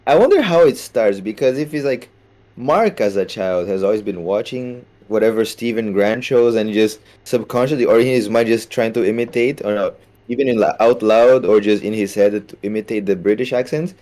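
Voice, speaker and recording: A man's voice: lowish voice, steady tone, normal speed, warm tone. A man co-hosting a podcast in casual chat, thinking aloud with many fillers as he goes. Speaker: podcast co-host.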